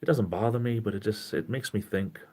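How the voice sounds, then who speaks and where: Man in his forties, very low voice, gentle caring tone, rambling live stream chat. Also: brisk. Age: 40s. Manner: rambling, self-interrupting, greets chat viewers.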